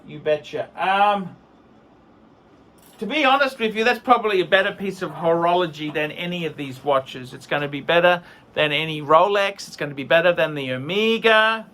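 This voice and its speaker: Rambling, enthusiastic male reviewer with a bright, forceful tone. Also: fairly high pitch. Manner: enthusiastic, rambling, repeats words for emphasis. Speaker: watch reviewer. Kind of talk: casual video review.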